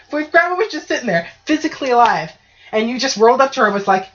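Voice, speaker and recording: Female podcast host, casual and foul-mouthed, animated storyteller; muffled lo-fi sound. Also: high-pitched, racing. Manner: profane, ranting, animated storytelling. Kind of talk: casual chat. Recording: dull lo-fi podcast audio.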